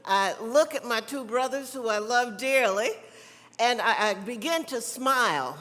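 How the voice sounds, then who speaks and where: A woman's voice: on the high side, animated, measured pace, fairly bright tone. A woman from South Carolina with a Southern accent, giving a folksy, teasing convention speech and calling out to the crowd. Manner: chatty, teasing, calls out to the crowd. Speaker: convention speaker. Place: large convention hall. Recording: long hall reverb.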